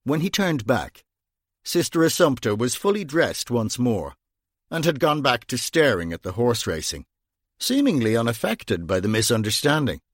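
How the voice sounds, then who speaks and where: A man reading a novel aloud in a measured, wry storytelling manner. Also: mid-range voice, big pitch swings, no room sound, studio quality. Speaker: audiobook narrator. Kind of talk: scripted narration.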